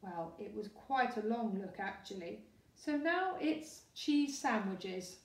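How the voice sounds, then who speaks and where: A woman voicing an eager, cheerful young schoolgirl in a storybook reading, chatty and bright, with a distant, echoey sound. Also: medium pitch, expressive, takes it slowly. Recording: roomy echo, distant mic.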